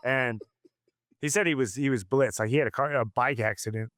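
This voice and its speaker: A man's voice: medium pitch, fairly quick, fairly bright tone, slight background noise. A man coaching combat sports, telling stories in a casual interview, blunt and profane with many restarts.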